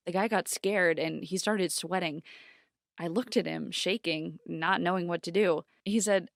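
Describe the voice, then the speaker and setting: A woman's voice: fairly low pitch, steady tone, unhurried, vocal fry, no room sound, studio quality. A woman reading a scripted first-person story aloud with dramatic delivery. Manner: dramatic, yells out quoted lines.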